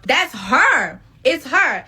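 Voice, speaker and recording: A woman's voice: high-pitched, extremely slow. A woman telling a story in a casual, profane way, acting out what people said. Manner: animated, profane, acts out quotes.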